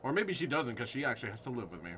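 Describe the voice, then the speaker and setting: A man's voice: mid-range voice, big pitch swings, very fast, bright, forceful tone, slight background noise. A man streaming a horror game live, jumpy and swearing at scares while chatting with his viewers.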